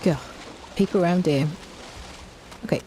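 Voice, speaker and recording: Chatting casually through a let's-play, a female streamer hums little melodies as she games, keeping things playful. Her fairly low, warm voice moves at a normal speed, and there's a bit of hiss or hum on the audio.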